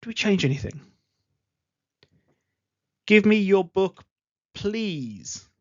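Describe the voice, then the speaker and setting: Slow-paced English teacher, patient, repeats examples, dry dull lo-fi recording. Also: medium pitch, animated, dry recording. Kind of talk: online grammar lesson.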